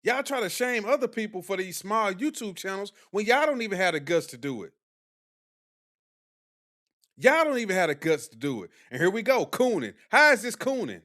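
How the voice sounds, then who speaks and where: A man's voice: sits high, sing-song, moderate pace, fairly bright tone. A young man doing live-stream commentary, talking bluntly and combatively to his chat with heavy slang. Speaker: livestream commentator.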